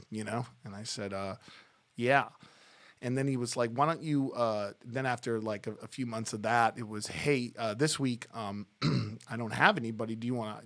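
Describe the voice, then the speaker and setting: A man's voice: mid-range voice, a bit bright. A middle-aged man, a guest on an interview podcast, telling long anecdotes in a casual way with many restarts and the odd laugh. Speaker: podcast guest, music talent buyer.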